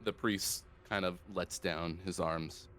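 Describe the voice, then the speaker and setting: A man's voice: deep voice, steady tone, slow pace, bright, forceful tone. A man narrating as dungeon master of a tabletop role-playing game.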